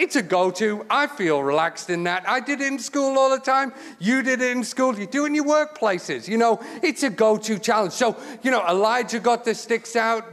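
A man giving a lively, joking sermon in a church, talking conversationally with lots of restarts and asides. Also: high voice. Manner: conversational, joking, many restarts and "you know". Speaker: guest preacher. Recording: long church hall reverb.

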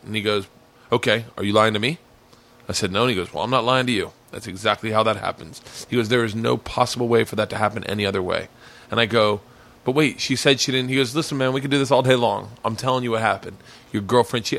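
A man with a gravelly, bright voice tells a story in a casual podcast chat. He gets animated and acts out the other people in the story, then drops back into easy talk. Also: fairly low pitch. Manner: animated storyteller acting out quotes. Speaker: podcast host. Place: home basement man cave.

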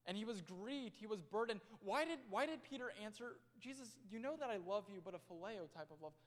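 High-voiced preacher in an echoing hall. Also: male voice, expressive, fairly quick. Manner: dramatic swings between loud and hushed delivery. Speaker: pastor. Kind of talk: sermon. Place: church sanctuary. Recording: long hall reverb.

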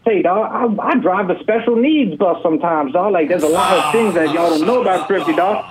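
A man's voice: high-pitched, fairly quick, a crowd in the background, lightly acted. A man voicing a boastful, rambling streetwise rapper who ends almost every line with "you hear me" and "dawg", in an improvised radio comedy bit. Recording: muffled radio broadcast.

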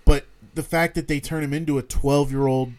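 Halting man in casual podcast talk. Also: on the high side, steady tone, darkish tone. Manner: halting, repeats words while thinking. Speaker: podcast co-host. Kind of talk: casual chat.

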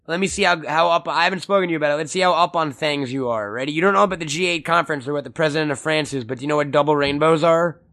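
A man's voice: on the high side, very fast, few pauses, bright, forceful tone. A man co-hosting a casual audio podcast, joking, swearing freely and acting out quotes in silly voices. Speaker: podcast co-host. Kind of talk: casual chat. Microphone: studio mic, audio-only podcast.

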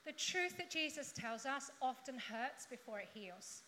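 A woman with a bright, fairly high voice delivers a sermon to a congregation. She talks in a conversational way and drops in humorous asides. The recording carries a long hall echo and a faint background hum. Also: lively intonation, measured pace. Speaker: preacher.

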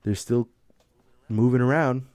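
A man's voice: mid-range voice, a little slow, darkish tone, dry recording, clean studio sound. A young man in casual conversation, rambling and swearing, with lots of fillers and frequent laughter. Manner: profane, rambling, laughs often, filler-heavy.

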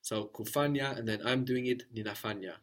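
A man's voice: medium pitch, fairly quick, a bit bright. Patient man teaching a language lesson. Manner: patient, prompts and corrects, often ends with "no?". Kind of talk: guided spoken language lesson.

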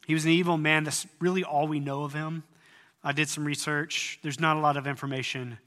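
Man, preacher, earnest sermon, brightish higher voice, echoing hall. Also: steady tone, brisk. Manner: earnest, rises to loud emphatic peaks. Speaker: pastor.

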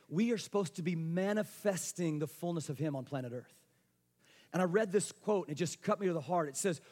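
A man preaching a sermon with fervour, calling for responses and moving between loud bursts and hushed passages. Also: fairly high pitch. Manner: passionate preaching with call-and-response, swinging between loud and soft. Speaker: pastor. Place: church sanctuary. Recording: long hall reverb.

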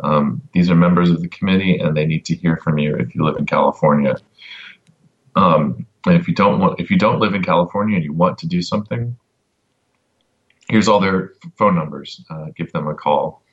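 Very deep-voiced man, halting delivery. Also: muffled recording. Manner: halting, many ums and restarts, dry humor. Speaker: advocacy update presenter. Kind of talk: casual podcast chat.

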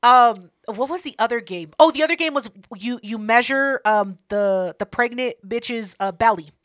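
A woman's voice: fairly high pitch, normal speed, dry recording. A woman hosting a podcast in casual chat, telling a party story with lots of swearing and acting out other people's lines. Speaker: podcast host.

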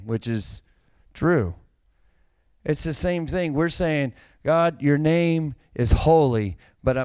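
This middle-aged male pastor has a voice on the high side, clean and free of any room sound. He preaches conversationally, spinning stories with mounting animation and slipping in a dry joke.

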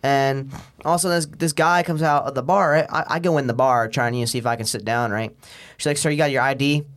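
A man's voice: mid-range voice, steady tone, brisk, a bit bright. A young man as a podcast guest, telling a long story in a rambling, profane way and acting out the people in it. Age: young adult. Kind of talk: casual storytelling.

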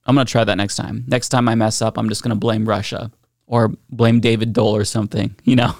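A man's voice: fairly low pitch, level tone, brisk, gravelly, no room sound, clean studio sound. A man hosting a political commentary show, talking bluntly and sarcastically with frequent profanity.

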